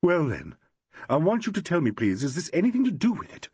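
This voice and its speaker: Picture a frightened young actress in a stage mystery, her voice pitched high and swinging widely as she pleads urgently. Her words come out shaky and breathless, close to hysterics, as a male narrator acts her out. The tone is husky, in a dry, close room. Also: huge pitch swings, fairly quick, a little mellow, no room sound, heavily acted. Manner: trembling, urgent, rising to near hysterics. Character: shaken young actress in shock, woman.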